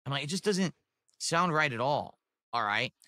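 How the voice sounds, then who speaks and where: A man's voice: on the high side, expressive, moderate pace, sharp tone, no room sound, clean studio sound. A man rambling casually to his stream audience, with many fillers.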